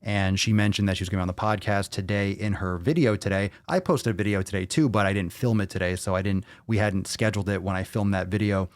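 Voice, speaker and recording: A lower-voiced man hosts a loose livestream fitness Q&A. He talks bluntly and swears freely, all off-the-cuff, into a close, dry mic. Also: steady tone, quick pace, hardly any pauses, no room sound. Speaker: fitness podcast host. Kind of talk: casual livestream Q&A.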